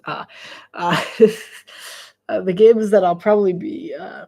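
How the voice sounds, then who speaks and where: A woman with a nasal voice giving casual live play-by-play commentary, jokey and laughing often, loud on big plays. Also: medium pitch, fairly even intonation, unhurried. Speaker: sports commentator.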